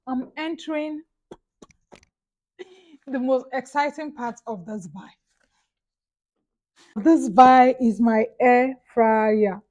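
A young Nigerian-accented woman gushes excitedly over her purchases in a casual unboxing vlog. Her voice is high and she speaks slowly with long pauses, in a low-quality recording with no echo.

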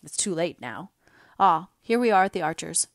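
A woman voicing a kindly older male doctor in an audiobook reading, speaking in a gentle, fatherly way. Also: on the low side, lively intonation, moderate pace, no room sound, studio quality. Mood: admiring. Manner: soothing, fatherly.

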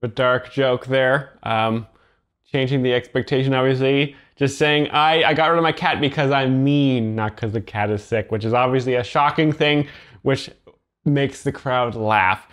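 A man giving slow, halting, deadpan commentary that explains jokes literally. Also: medium pitch, clean tone. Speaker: joke explainer.

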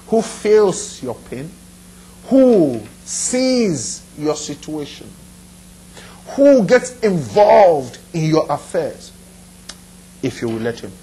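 A man's voice: on the high side, darkish tone, a little hiss or hum, low-quality recording. A man pastor preaching a sermon in an earnest, repetitive style, putting direct questions to his listeners.

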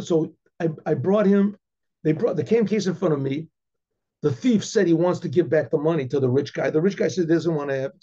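A man, a rabbi, telling a story in a rambling way, with restarts and frequent throat clearing. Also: fairly high pitch, dark tone, lo-fi sound. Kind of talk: storytelling lecture.

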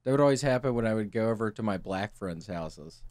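A man's voice: lowish voice, expressive, a little fast, darkish tone, no echo, studio quality. A man hosting a podcast, asking joking, quizzical questions in casual chat.

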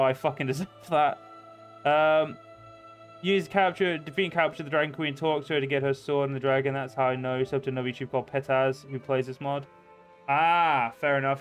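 A man streaming a game, chatting casually and swearing often, with sudden loud outbursts. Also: a little high. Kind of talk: casual gameplay commentary. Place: home, seated at a desk.

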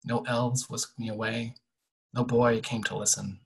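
A young adult author quietly reading an excerpt from their own novel, measured and soft, often trailing off at the ends of sentences. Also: mid-range voice, level tone, gravelly, breathy edge, poor audio.

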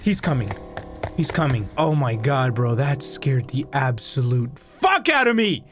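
A man's voice: mid-range voice, sing-song, a little slow, soft background music. A young Mexican man with a Mexican accent, hosting a horror game playthrough, jumpy, swearing and switching languages, shrieking when startled. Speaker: gaming host. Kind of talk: excitable horror gameplay commentary.

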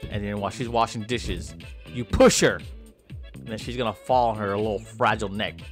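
A man's voice: lowish voice, moderate pace, soft background music. A young man joking his way through gameplay commentary, rambling a silly story and yelping when things go wrong.

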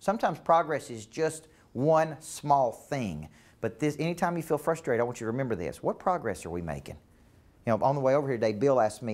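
A man's voice: mid-range voice, expressive, fairly quick. Man coaching a room. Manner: asks the room questions, repeats for emphasis. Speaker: business coach. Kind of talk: live motivational talk to a team. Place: meeting room with a live audience.

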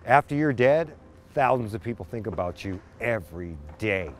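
Heartfelt man with a lively voice. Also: on the low side, moderate pace, slight background noise. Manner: heartfelt, emphatic tribute. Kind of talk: documentary interview.

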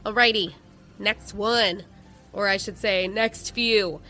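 A woman's voice: mid-range voice, steady tone, sharp tone, soft background music. A woman co-hosting a podcast, chatting casually and reading out listener messages, giggly and emotional. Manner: giggly, emotional, quick to laugh. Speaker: podcast co-host.

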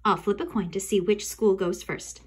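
A woman voicing an excitable grown man hosting a school quiz, announcing in a bouncy way. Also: mid-range voice, normal speed, husky, natural voice. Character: excitable adult male quiz host.

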